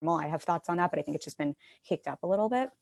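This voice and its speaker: A woman's voice: lowish voice, expressive, fast, vocal fry, a little mellow, dry recording, clean studio sound. A woman hosting a live stream interview, chatting casually and self-deprecatingly, with the odd swear word.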